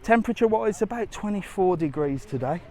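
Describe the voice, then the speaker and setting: Strolling along a seaside resort promenade, a man rambles cheekily in a live walking vlog shot on a handheld phone. His high, mellow voice is animated and fairly quick.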